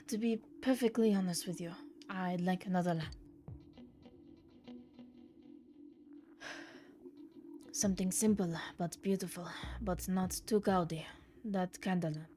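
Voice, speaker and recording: A woman voicing a polite, soft-spoken townsman from a game, reading his lines in a hushed, breathy way. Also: lowish voice, fairly even intonation, moderate pace, slight background noise, close to an everyday voice. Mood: apologetic.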